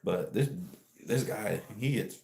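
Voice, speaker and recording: A somewhat low-voiced man chats live to his viewers, rambling from one story to the next and laughing often as he reads out and teases their messages. The sound bounces around an echoey room, as if he were streaming from his garage. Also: slow pace, gravelly, a little mellow. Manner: rambling and chatty, laughs often, talks back to chat. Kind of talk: casual livestream chat, reading viewer messages.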